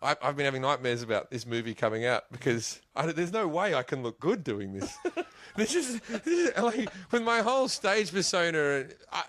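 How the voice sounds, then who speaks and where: A man's voice: a little high, big pitch swings, fairly quick, few pauses, a bit bright, a little hiss or hum. An Australian man, a guest comedian, telling rambling stories in casual podcast chat, swearing and laughing often.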